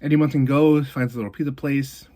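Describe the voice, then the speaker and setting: Speaking at a medium pitch, a man offers a relaxed film review in which he animatedly retells the plot, leaning on fillers and tossing in fast asides.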